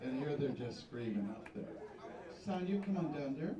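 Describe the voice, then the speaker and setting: A man's voice: medium pitch, lively intonation, moderate pace, highs cut off. A man hosting a pageant on stage, bantering and teasing the audience and contestants between questions. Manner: chatty, teasing, jokey asides to the crowd. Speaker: pageant host. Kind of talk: live stage emcee banter. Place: large hall with live audience. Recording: echoey hall, distant mic, crowd noise.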